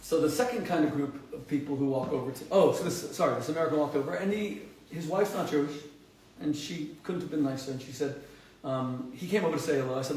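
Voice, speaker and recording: Impassioned rabbi host in an echoey room. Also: male voice, quick pace, distant mic, slight background noise. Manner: animated, emphatic, rises sharply in pitch when stressing points, frequent restarts. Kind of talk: impassioned storytelling monologue.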